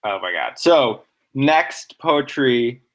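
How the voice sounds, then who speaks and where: A man's voice: mid-range voice, lively intonation, slow pace. A young man co-hosting a casual poetry podcast, explaining poems in an enthusiastic, nerdy way. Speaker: podcast co-host.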